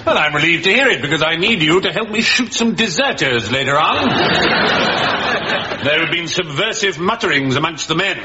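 An actor playing a pompous, blustering senior officer in a sitcom before a studio audience. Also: male voice, a little high, expressive, normal speed, highs cut off, heavy background noise, lightly acted. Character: blustering, pompous older male general.

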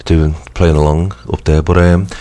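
A man with a croaky voice, hosting a radio show and chatting casually, rambling with lots of ums and restarts. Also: extremely low pitch, flat delivery, moderate pace, warm tone. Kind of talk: casual chat.

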